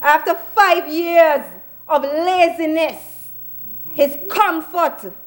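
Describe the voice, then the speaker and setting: A woman delivers a combative speech in a parliament chamber, striking at an opponent with repeated phrases. Her voice sits high and carries well, and she keeps circling back to the same attack lines. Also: steady tone, very slow. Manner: combative, repetitive rhetorical jabs. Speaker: senator. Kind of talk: parliamentary budget debate speech.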